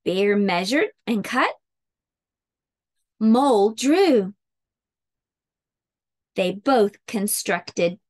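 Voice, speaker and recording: A woman teaching preschool circle time who reads a picture book aloud with expressive sound words. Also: mid-range voice, drawn-out words, long pauses.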